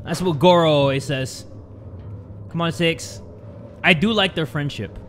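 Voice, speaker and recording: A young man giving jokey, excitable commentary while playing a game, jumping between loud yelps and low mutters. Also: measured pace, a little hiss or hum. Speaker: gaming YouTuber. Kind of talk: let's play commentary.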